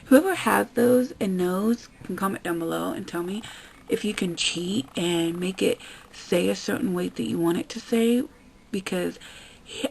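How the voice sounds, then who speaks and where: A woman's voice: on the low side, vocal fry, darkish tone, slight background noise, rough recording. A woman vlogger ranting bluntly with lots of swearing, sounding fed up. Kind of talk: ranting commentary vlog.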